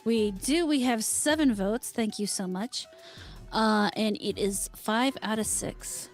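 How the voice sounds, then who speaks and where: A woman co-hosts a loose, casual podcast, reading out listener questions and explaining the answers with a slightly pedantic streak. Her voice sits at an ordinary middle pitch, with faint music underneath. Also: takes it slowly. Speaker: podcast co-host. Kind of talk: casual chat.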